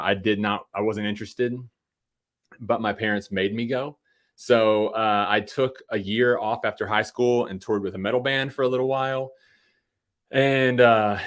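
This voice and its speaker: This podcast guest, a Virginia man in his thirties, has a lowish voice with a fairly bright tone. The interview chat is casual, full of fillers and jokes at his own expense.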